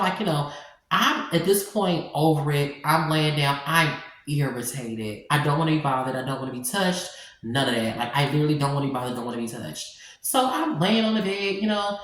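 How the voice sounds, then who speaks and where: A woman telling a personal story in a casual vlog, animated and sassy, talking straight to her viewers. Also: low-pitched. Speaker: storytime vlogger. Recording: very echoey room.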